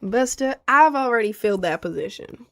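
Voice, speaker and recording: A woman's voice: on the high side, animated, moderate pace. Young woman streamer, casual chat, rambling and self-mocking.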